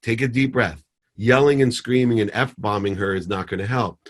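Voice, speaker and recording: A man's voice: mid-range voice, moderate pace. A middle-aged man, a podcast guest, telling a story and acting out the dialogue. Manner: animated storyteller, acts out dialogue.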